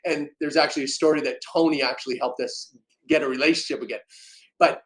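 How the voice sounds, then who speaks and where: Animated man telling a dramatic story. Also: a little high, quick pace, poor audio. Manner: animated, dramatic, swings loud and soft. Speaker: podcast guest. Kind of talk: emotional personal storytelling.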